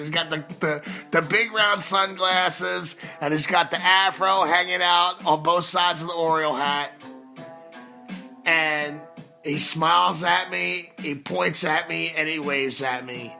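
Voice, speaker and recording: Guy in his 40s hosting a podcast, bright voice, pitch a bit high, faint music under him. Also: creaky. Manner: nostalgic, emphatic, repeats phrases. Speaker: podcast host. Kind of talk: storytelling monologue.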